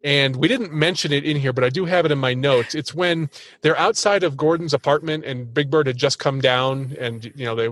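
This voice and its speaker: A man co-hosting a podcast in loose, rambling chat, jumping between jokes and musings. His voice is husky and a bit high for a man. The recording is dry with no room sound. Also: moderate pace, dry recording. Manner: rambling, animated, self-mocking. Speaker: podcast co-host. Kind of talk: casual chat.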